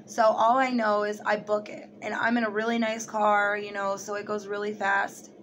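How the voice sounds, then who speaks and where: Chatty young woman, flat delivery. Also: medium pitch, normal speed, a little hiss or hum. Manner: rambling, heavy use of "like", animated retelling. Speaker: vlogger. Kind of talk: casual storytelling to camera.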